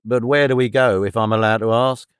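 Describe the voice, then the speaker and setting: A man's voice: mid-range voice, fairly even intonation, smooth, no echo, studio quality, natural voice. A man doing a pressing, impatient inspector. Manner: brisk, pressing questions. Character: impatient male police inspector.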